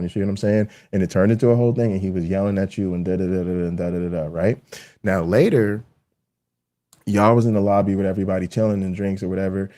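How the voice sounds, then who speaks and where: A man with a fairly low, mellow voice rants at a fast clip as the host of his own show. He swears freely and repeats his points for emphasis, speaking straight to the audience. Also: fairly even intonation. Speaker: show host and college lecturer. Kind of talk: heated rant to the audience.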